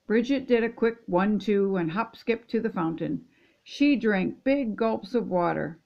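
An older woman, a grandmother reading a children's picture book aloud in gentle, steady storytelling. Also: medium pitch, measured pace, creaky, lo-fi sound. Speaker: storybook reader.

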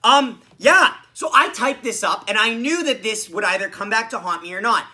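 A man hosting a solo hockey podcast, ranting about a loss with sarcasm and swearing, a bit hoarse from screaming. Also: high voice, normal speed. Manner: animated, swearing, frustrated, sarcastic. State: losing his voice from screaming. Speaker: podcast host. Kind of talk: solo sports reaction rant.

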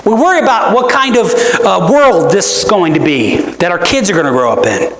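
Lively, echoey preacher in a church. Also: medium pitch, moderate pace. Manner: conversational preaching, asks the audience "right?" often; emphatic, with rhetorical questions. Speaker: pastor. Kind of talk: sermon. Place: church sanctuary. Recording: roomy church echo.

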